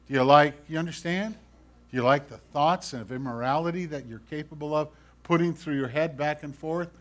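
Earnest guy preaching a sermon, gets loud then drops to a hush, keeps asking the crowd stuff. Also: on the high side. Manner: swings from loud emphasis to hushed, quiet asides; earnest, pleading, asks the audience questions. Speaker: pastor.

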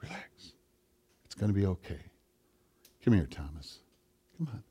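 A man voicing Jesus comforting a frightened friend in a hushed, soothing near-whisper. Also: fairly low pitch, sing-song, unhurried, husky, pitched below the performer's own voice, exaggerated voice.

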